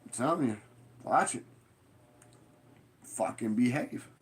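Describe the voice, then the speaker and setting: A man talks in a loose, rambling monologue, laced with street slang and swearing. He hands out blunt, stern warnings at an ordinary middle pitch. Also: lively intonation, slow, slightly rough. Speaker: vlogger giving street advice.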